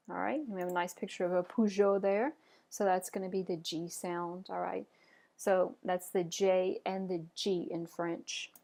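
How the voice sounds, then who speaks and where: A woman's voice: mid-range voice, darkish tone. Patient woman teaching French pronunciation. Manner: patient, encouraging, models each word slowly. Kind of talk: pronunciation lesson.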